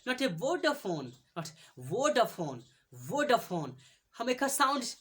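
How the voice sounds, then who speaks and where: Woman halting through a lesson. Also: on the high side, very animated, husky. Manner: halting, repeats words many times, many fillers. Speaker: English pronunciation teacher. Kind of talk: casual video lesson.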